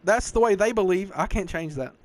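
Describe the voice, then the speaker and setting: A man in his twenties with a thick Southern US accent hosts a casual podcast. He rambles and swears freely, tossing in "bro" and "dog" constantly. His voice runs a bit high for a man. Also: lively intonation, fairly quick, no room sound. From American South. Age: 20s. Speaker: podcast host. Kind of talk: casual chat.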